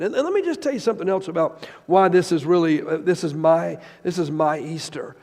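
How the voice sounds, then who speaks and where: An older man preaching, emotional and rambling at first, then rising loud and fervent. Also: a little high, animated, brisk, few pauses. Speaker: traveling preacher. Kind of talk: sermon. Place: church sanctuary. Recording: echoey church hall.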